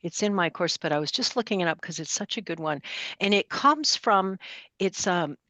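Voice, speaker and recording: Podcast guest: woman in her 60s, low-pitched, measured and reflective, dry close sound. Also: expressive, pushed and bright, no room sound. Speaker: guest astrologer. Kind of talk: podcast interview.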